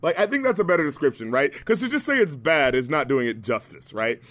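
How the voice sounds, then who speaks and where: A man's voice: a little high, fast talker, no room sound. A man talking as a podcast guest, rambling and swearing as he tears apart an album in casual chat. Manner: profane, rambling, animated.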